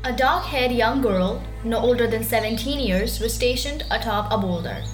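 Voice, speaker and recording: A woman narrating a scripted audio drama and greeting listeners in a soft, even storytelling voice. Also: fairly high pitch, normal speed, reverberant, soft background music. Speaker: narrator and co-host.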